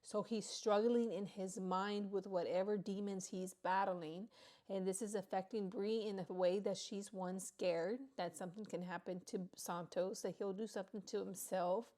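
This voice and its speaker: A woman talking straight to her viewers in a casual commentary. Her voice sits at a middle pitch and she lays out her opinion frankly and in an even way. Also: normal speed. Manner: candid, explaining her take in a steady talk. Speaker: commentary channel host.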